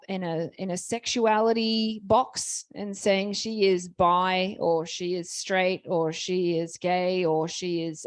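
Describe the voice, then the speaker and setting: A woman talks on a festival panel, telling anecdotes in a loose, chatty way and restarting her sentences often. Her voice sits at a middle pitch. The sound is dry and close to the mic. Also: no echo. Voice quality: chatty, storytelling with many restarts. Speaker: panel author.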